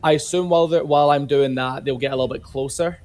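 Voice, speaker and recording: A man's voice: medium pitch, fairly even intonation, fast, darkish tone. A man playing a tabletop game, describing his moves in a chatty, hesitant way. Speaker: player. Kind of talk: casual tabletop play.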